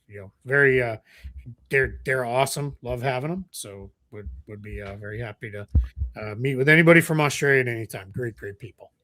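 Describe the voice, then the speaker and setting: A man's voice: mid-range voice, a little fast. A man co-hosting a live basketball draft show, rambling casually and reading out viewer messages. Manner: rambling, reads viewer messages, trails off quietly. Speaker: podcast co-host.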